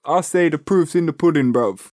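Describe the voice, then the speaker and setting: A man's voice: a little high, moderate pace, darkish tone, dry recording, clean studio sound. A young man with a London accent co-hosting a podcast in casual, slangy banter, swearing freely and laughing often. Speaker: podcast co-host.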